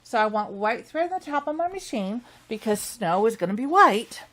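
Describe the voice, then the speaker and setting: A woman's voice: a little high, big pitch swings, moderate pace, fairly bright tone, slight background noise. A woman leading a machine embroidery tutorial, chatty and enthusiastic as she walks viewers through each step. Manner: upbeat, chatty, enthusiastic about stitching. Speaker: sewing instructor.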